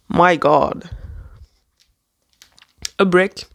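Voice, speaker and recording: A book vlogger chatting casually and gushing excitedly about a secondhand book haul, rambling with lots of fillers. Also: mid-range voice, slow, vocal fry, pauses often, no room sound, clean studio sound. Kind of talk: reading a poem aloud.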